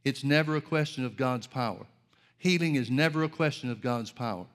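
A man's voice: mid-range voice, a little fast. A man preaching a sermon, earnest and direct, asking rhetorical questions and addressing his listeners as folks.

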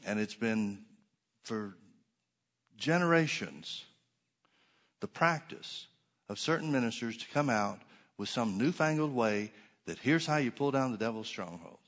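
A man's voice: medium pitch, animated. Emphatic man preaching a sermon. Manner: emphatic, sarcastic preaching with slow stressed repetitions. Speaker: pastor.

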